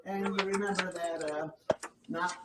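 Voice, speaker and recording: A man's voice: high-pitched, steady tone, unhurried. A man performing a comedy ventriloquism act, telling stories in an upbeat, encouraging way. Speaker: guest ventriloquist. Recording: echoey room, distant mic, faint noise.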